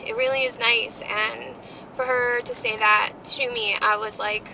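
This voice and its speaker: A woman's voice: fairly high pitch, flat delivery, unhurried, creaky, bright, forceful tone, slight background noise, low-quality recording. A young woman telling a heartfelt story in a casual family vlog, rambling with many fillers. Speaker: family vlogger.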